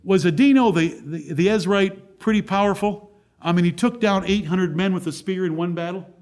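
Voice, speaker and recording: High-voiced man preaching emphatically. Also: moderate pace, darkish tone. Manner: emphatic preaching with rhetorical questions. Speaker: pastor. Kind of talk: sermon.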